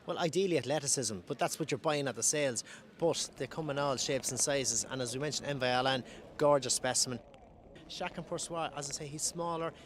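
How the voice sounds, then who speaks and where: A man, a former jockey, explaining calmly and with expertise in an outdoor parade ring. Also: mid-range voice, a little fast, slight background noise. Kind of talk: interview.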